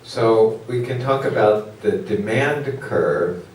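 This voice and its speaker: Lecturer in an echoey hall. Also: male voice, lowish voice, lively intonation, slow pace, a little mellow, recorded from a distance, slight background noise. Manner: rambling, asks the class questions, many fillers. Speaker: economics lecturer. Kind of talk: classroom lecture.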